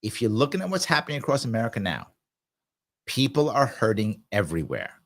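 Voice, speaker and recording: A man's voice: fairly low pitch, very animated, brisk. A middle-aged man from New York hosting live political commentary, emphatic and fond of repeating his points. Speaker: talk show host.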